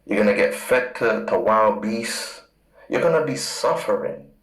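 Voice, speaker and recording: Man preaching hard, repeats words over and over, slow when reading verses, echoey sound. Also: fairly low pitch, lively intonation, a bit bright. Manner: emphatic, repeats key words, reads verses slowly. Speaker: street preacher. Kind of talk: fiery scripture teaching. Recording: roomy echo.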